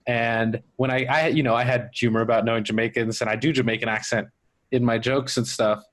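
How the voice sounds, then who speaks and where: A man's voice: medium pitch, steady tone, brisk, a bit bright. Male podcast host, easygoing and reflective, overthinks on mic. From Miami area comedy scene. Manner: reflective, rambling, overthinks aloud. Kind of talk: casual chat.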